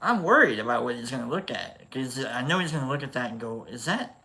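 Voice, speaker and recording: A man's voice: medium pitch, lively intonation, fast talker, creaky, pushed and bright. A man chatting casually in a rambling, joking, self-deprecating way while he works on a craft. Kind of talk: casual chat.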